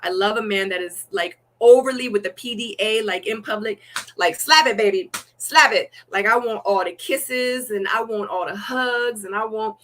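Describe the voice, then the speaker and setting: A young woman talks with easy, animated energy as an interview guest, voice sitting at a middle pitch. She tells her stories with many "like" fillers and slips into voices for the people she quotes. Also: moderate pace. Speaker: dating show guest. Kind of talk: casual interview chat.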